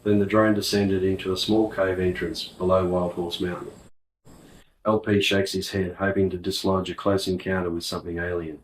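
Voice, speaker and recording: A man narrates a story in a very deep, flat voice. He reads slowly and evenly, from a distance in an echoey room with a faint hiss behind. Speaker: audiobook narrator. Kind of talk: scripted narration.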